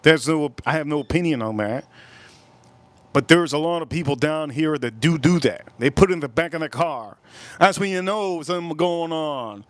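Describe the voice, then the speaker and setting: A man hosting a casual live stream, reading out chat messages and giving shout-outs, repeating his phrases and swinging between loud bursts and low mutters. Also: moderate pace, no room sound. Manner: animated, reads out chat and gives shout-outs.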